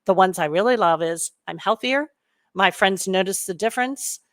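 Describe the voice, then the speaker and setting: A middle-aged woman, a career coach giving a casual, animated webinar talk to her audience with frequent fillers. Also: medium pitch, normal speed, no room sound.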